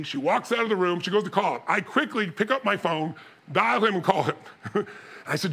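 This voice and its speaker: Gravelly, animated male storyteller. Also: sits high, a little fast. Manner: animated, acts out dialogue, laughs often. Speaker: motivational speaker. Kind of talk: storytelling to an audience.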